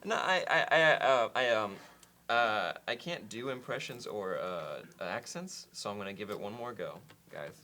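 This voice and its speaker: Bright, laughing young man. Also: on the low side, expressive, normal speed, a little hiss or hum. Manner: laughs often, eager. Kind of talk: casual panel chat.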